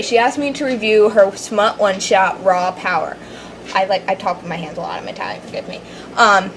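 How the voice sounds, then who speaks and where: A young woman with a mid-range voice reviews fan fiction in a casual, rambling video, hyper, bubbly and gushing like a fangirl, with lots of fillers and restarts. The recording is low quality, with a little hiss or hum.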